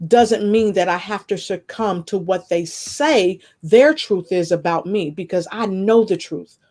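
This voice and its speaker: A woman guest sharing a personal testimony in conversation, earnest and expressive, with faith woven through her talk. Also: medium pitch, measured pace. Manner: earnest, expressive storytelling with spiritual references.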